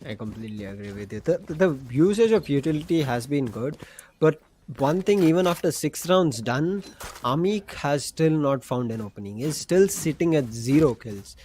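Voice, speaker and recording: A male co-caster with a slightly high voice gives analytical color commentary on a college esports match, explaining strategy between plays. There is a faint hiss of noise behind him. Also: lively intonation, moderate pace, a little mellow.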